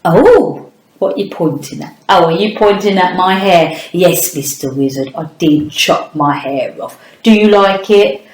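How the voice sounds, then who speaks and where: Addressing a young viewer head-on, a woman from the UK teaches phonics to children in an encouraging way. She speaks at a normal speed in a lowish voice, recorded in a room with noticeable echo.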